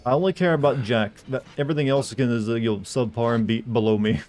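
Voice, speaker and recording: A live game streamer rambles along casually, cracking jokes and cursing, with faint game music in the background. He talks at a quick pace in a mid-range, slightly mellow voice.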